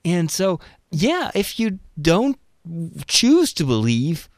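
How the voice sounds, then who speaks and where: A podcast host discusses movies casually, thinking aloud with enthusiasm and lots of restarts as he talks through ideas. His high voice swoops wildly in pitch at a slow pace, on a dry, clean studio recording.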